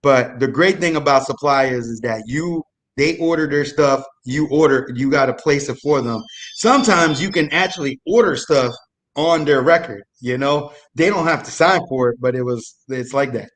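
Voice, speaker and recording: A man's voice: medium pitch, moderate pace. A young man telling a loose, profane story about his military days on a live comedy show, with frequent restarts. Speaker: guest storyteller, former military supply.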